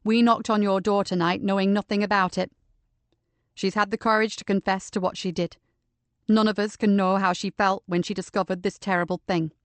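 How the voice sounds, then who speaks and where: A woman reading a calm, firm police detective. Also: mid-range voice, fairly quick, dry recording, lightly acted. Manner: level, reassuring, firm.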